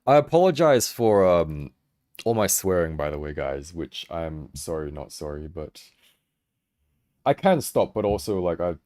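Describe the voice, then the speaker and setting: Swearing, lively-voiced young man on a livestream. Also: sits low, unhurried, no room sound, clean studio sound. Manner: swears freely, laughs, chatty and expressive. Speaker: action figure livestream host. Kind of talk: casual livestream chat answering viewers. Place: home in Hong Kong.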